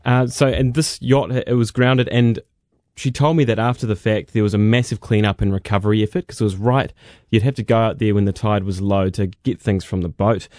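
A man, a radio producer presenting a feature segment in a relaxed, conversational storytelling manner. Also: lowish voice, fairly quick, no room sound, studio quality.

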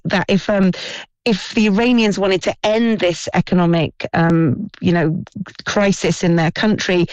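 Smooth-voiced female correspondent, dry sound. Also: on the low side, a little mellow, no room sound, dull audio. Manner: measured, with frequent ums and self-corrections. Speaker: foreign correspondent. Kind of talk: live radio report.

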